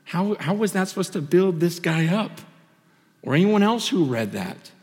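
Male pastor, fairly high voice, preaching with lively swings from loud to hushed, long hall reverb. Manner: swings between animated bursts and hushed, intimate storytelling. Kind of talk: sermon.

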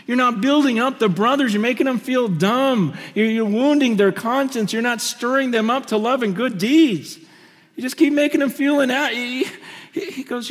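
A man preaching a sermon, swinging between animated bursts and hushed, intimate storytelling. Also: very high-pitched, moderate pace. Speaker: pastor. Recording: long reverb of a large hall.

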